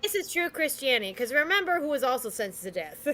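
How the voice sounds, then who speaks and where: Bright giggly woman joking through commentary. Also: sits high, very animated, fast. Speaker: commentary guest. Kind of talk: casual movie commentary chat.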